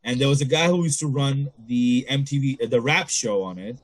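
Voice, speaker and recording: A young man from the Toronto area casually telling a story on a podcast, swearing, laughing, and jumping into high voices at the punchlines. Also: brisk. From Canada, Toronto area.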